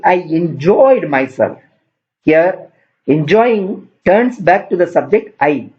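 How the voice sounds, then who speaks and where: Man, grammar lesson, patient repeating explanations, mellow tone, lo-fi recording. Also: high-pitched. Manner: explains slowly, repeating terms, with examples. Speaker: English teacher.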